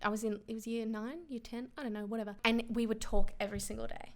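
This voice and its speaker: Aussie woman, 30s, a bit higher voice, jokey and playful. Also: steady tone, fast. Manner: playful, laughing asides, acts out quoted reactions. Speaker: book club podcast co-host. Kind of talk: casual chat.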